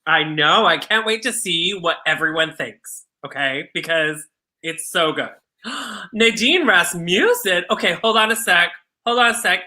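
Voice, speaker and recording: A woman's voice: fairly low pitch, animated, unhurried, sharp tone. A woman co-hosting a live drag race recap show in casual chat, bubbly and gushing.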